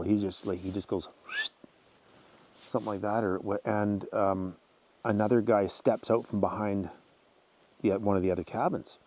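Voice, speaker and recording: A man hosting his channel, retelling a viewer's wilderness encounter in a rambling, casual way and often clearing his throat. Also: on the low side, darkish tone. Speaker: channel host reading a viewer's story. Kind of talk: casual spoken storytelling.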